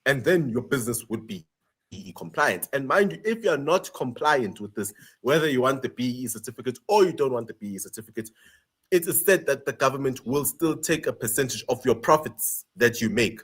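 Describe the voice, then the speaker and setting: A man's voice: mid-range voice, lively intonation, a little fast, a bit bright, husky. A man from South Africa, a panelist on a political stream, speaking emphatically and repeating his points for stress. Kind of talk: passionate political commentary.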